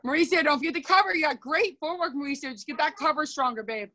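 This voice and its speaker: A young woman teaching a karate class over a video call, brisk and commanding as she cues and counts drills. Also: high voice, sharp tone, distant mic, rough recording. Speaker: karate instructor.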